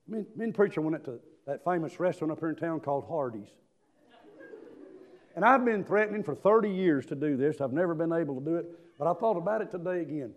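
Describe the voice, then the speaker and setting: A man preaching a sermon, telling stories and breaking into shouted hallelujahs. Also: sits high. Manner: emphatic storytelling, bursts into shouted hallelujahs.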